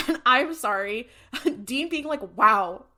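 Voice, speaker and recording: Bright-voiced woman podcast co-host. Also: sits high. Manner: animated retelling with quick character voices. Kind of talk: casual recap chat.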